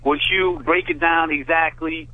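A man's voice: a little high, fairly even intonation, unhurried. Man calling in over a tinny phone. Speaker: caller. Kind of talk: casual call-in talk.

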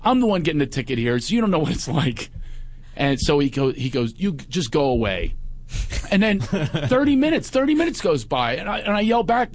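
A comedian telling a funny story in casual chat, acting out the voices of the people in it. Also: male voice, on the high side, fairly quick. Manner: animated, acts out the voices in his stories.

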